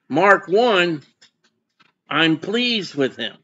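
A man's voice: high-pitched, expressive, a little slow, long pauses, a bit bright, muffled recording. A man preaching a sermon as pastor, folksy and conversational, often putting questions to his congregation.

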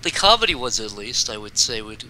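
A man's voice: on the low side, sing-song, brisk, sharp tone, slight background noise. A man chatting casually on a game stream, crude and joking, often jumping into goofy voices. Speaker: streamer, co-host.

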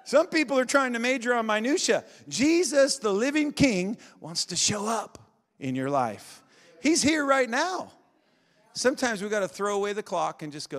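A man preaching a revival sermon, swinging between shouting and quiet intensity and laughing often. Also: very high-pitched, big pitch swings, normal speed. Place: large church sanctuary. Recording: long reverb of a big hall.

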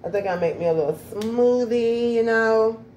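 Pitched on the high side with a darkish tone and moderate pace, a woman vlogger chats casually and straight to her audience from her home and backyard. A slight hiss or hum is present, and the camera mic renders her distant and echoey.

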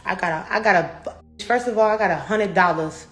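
A woman's voice: mid-range voice, moderate pace, a little hiss or hum. A young adult woman rapper talking casually in an interview, brash, boastful and full of profanity. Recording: roomy echo.

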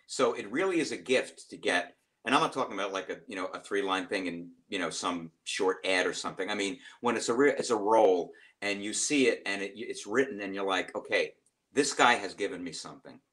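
A man who is a voice actor, chatting casually on a livestream panel in a rambling, jokey way with halting restarts. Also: fairly low pitch, a bit bright.

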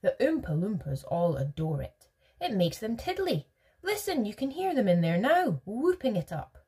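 A woman voicing an eccentric, excitable male chocolate maker in a storybook reading, brisk and rude with the other characters. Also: mid-range voice, breathy edge, voice pushed up. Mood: excited. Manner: quick-witted, brisk and rude. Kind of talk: storybook read-aloud.

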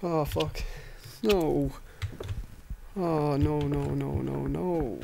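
Male gamer, horror let's play, nervous and sweary, unhurried between scares, some background noise. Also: a little high, steady tone, creaky. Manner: jumpy, swears a lot, nervous exclamations. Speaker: gaming youtuber. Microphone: headset or desk mic, noise-cancelling headphones.

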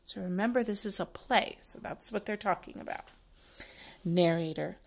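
A woman's voice: mid-range voice, steady tone, a little fast, creaky, husky. A woman teacher patiently explaining a story to young schoolchildren. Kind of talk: reading a story aloud to young children.

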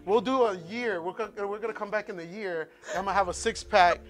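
A man's voice: high-pitched, fast talker. A man on a casual podcast chat, telling rambling, profane stories and acting out the voices of people in them. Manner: profane storytelling, acts out voices. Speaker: guest.

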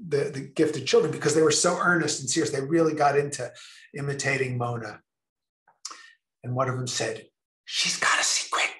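A man presenting a creativity session in a lecture style, speaking expressively with emphatic, drawn-out pauses. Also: mid-range voice, roomy sound. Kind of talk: lecture-style talk to a remote audience.

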